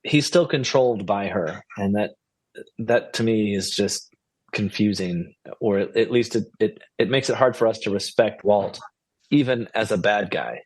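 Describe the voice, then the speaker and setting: A man's voice: fairly low pitch, unhurried, no room sound. A man co-hosting a podcast, chatting casually and musing through a TV episode recap, rambling and asking questions. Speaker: podcast co-host.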